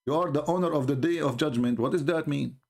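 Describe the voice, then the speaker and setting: A man giving live-streamed commentary in an emphatic, scornful, mocking manner, often halting with fillers and restarts. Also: a little high, creaky, darkish tone.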